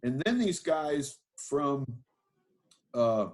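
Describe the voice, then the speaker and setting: A man's voice: medium pitch, big pitch swings, drawn-out words. Older man telling rambling stories. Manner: rambling, self-deprecating, with fillers and restarts. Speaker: guest, winemaker. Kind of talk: storytelling interview.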